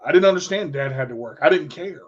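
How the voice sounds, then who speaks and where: A middle-aged man with a fairly high voice tells a personal story as a radio host. He is emotional and repeats himself, stopping and restarting his sentences. The recording sounds dull and lo-fi. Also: lively intonation, fast. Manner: emotional, repetitive, restarts often.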